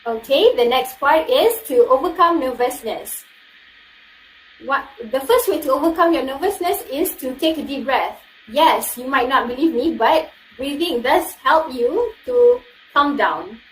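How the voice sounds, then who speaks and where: A woman's voice: sits high, very animated, unhurried, distant mic, slight background noise. A young woman with a Malaysian accent presenting to an online class, chatty and addressing the audience directly. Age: young adult. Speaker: student presenter. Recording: echoey room, voice off-mic.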